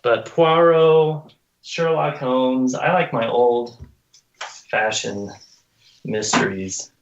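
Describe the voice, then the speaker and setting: A man's voice: mid-range voice, steady tone, extremely slow, highs cut off. A man appearing as a guest illustrator, talking easily and laughing often. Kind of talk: casual interview chat.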